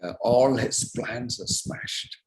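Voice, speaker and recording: A man, a spiritual teacher, retelling a sacred epic in a slow, unhurried sermon with many pauses. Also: mid-range voice, breathy edge, poor audio. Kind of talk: sermon storytelling.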